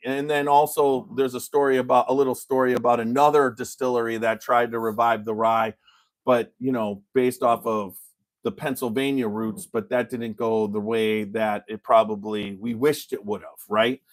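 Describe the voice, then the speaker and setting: A man's voice: mid-range voice, steady tone, normal speed. A man hosting a casual bourbon tasting chat, telling stories in a loose, rambling way. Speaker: whiskey reviewer, show host.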